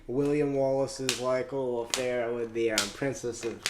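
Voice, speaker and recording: A woman co-hosting a casual movie review podcast, chatty and quick to laugh, often restarting her sentences. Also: very deep voice, steady tone, roomy sound, noisy background. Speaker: podcast co-host.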